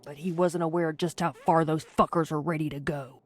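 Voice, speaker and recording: A woman's voice: low-pitched, steady tone, brisk. A woman voicing a bitter, foul-mouthed local woman in a narrative game, blunt and scornful. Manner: blunt and scornful, swears freely. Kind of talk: game character dialogue.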